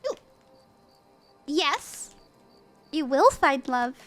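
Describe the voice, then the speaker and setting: A woman's voice: sits high, very animated, very slow, fairly bright tone, faint music behind. A woman hosting a casual live-stream tarot reading, bubbly, giggly and encouraging as she gives advice. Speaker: tarot reader and livestream host.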